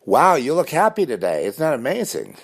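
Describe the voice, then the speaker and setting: A man voicing a sarcastic stranger who taunts with mock friendliness in a high, sweetly mocking sing-song. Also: wildly swooping pitch, brisk, vocal fry, breathy edge, exaggerated voice. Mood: taunting.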